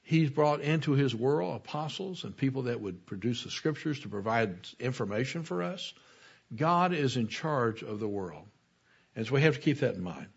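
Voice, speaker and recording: A man preaching a sermon in a loose, talky way, turning to his listeners with questions as he goes. His voice is husky, and the recording sounds muffled and lo-fi. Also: mid-range voice, animated, normal speed. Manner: conversational, digressive, asks the listeners questions. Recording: dull lo-fi recording.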